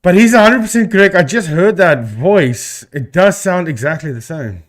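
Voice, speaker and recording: Chatty animated man streaming live. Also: high voice, moderate pace. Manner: chatty, talks to chat and thinks aloud. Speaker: live-stream host debunking ghost videos. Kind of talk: casual live-stream commentary.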